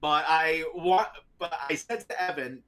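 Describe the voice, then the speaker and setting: A talk show host telling a story in a casual, animated way and laughing often. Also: medium pitch, unhurried.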